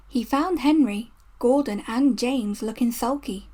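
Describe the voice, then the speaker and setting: A woman narrating a children's storybook in a gentle read-aloud manner. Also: on the high side, normal speed, few pauses. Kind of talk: storybook reading.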